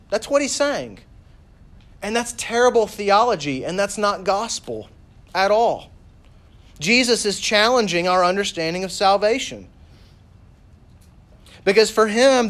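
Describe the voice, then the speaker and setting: Male preacher, sermon delivery, emphatic, repeats points, slightly high pitch. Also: a bit bright.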